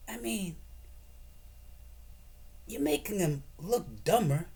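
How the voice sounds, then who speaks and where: A man's voice: a little high, animated, takes it slowly, pauses often, darkish tone, slightly rough. A man giving a profane, sarcastic and rambling political rant as a commentator.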